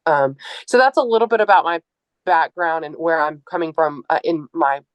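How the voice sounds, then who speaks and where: A woman's voice: sits low, normal speed, dry recording, lo-fi sound. Earnest woman in her forties, dry sound. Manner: earnest, open, with frequent um and uh. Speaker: author and educator speaking to an audience. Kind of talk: candid personal talk at a book event. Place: room with a live audience.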